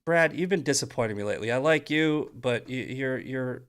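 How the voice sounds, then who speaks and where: A man hosting a political monologue on a live stream, mocking his critics, swearing and shouting at points. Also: medium pitch, animated, normal speed, clean tone. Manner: angry, profane, shouting bursts. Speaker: host.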